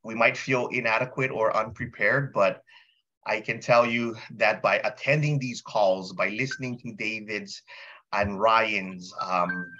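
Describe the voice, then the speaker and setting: A man hosting a group update call, praising members with many fillers and pauses. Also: fairly low pitch, steady tone, bright, forceful tone, lo-fi sound. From Hawaii. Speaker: call host.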